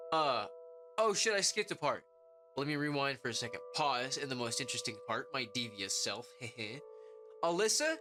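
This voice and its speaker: Young male podcast host, lively storyteller, bright and forceful, swears freely, faint music underneath. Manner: profane, animated, acts out quotes in high voices. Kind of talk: casual storytelling.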